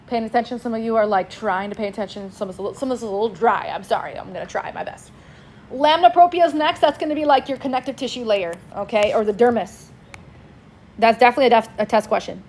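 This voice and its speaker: Leading a class in a relaxed, conversational style, a woman on the high side with a little mellowness to her voice keeps inviting students to respond. Slight background noise is audible in this classroom lecture.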